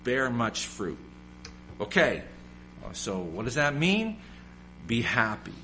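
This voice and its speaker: A man's voice: medium pitch, big pitch swings, slow, pushed and bright, faint music behind. A man preaching a sermon, emphatic and repetitive, firing off rhetorical questions.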